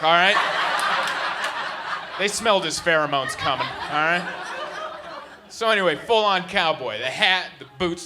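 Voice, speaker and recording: A man in his thirties doing stand-up in a club, telling stories in an animated, exasperated way on a handheld mic. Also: sits high. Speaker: stand-up comedian. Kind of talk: stand-up comedy storytelling. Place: comedy club stage. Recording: live club recording with background noise.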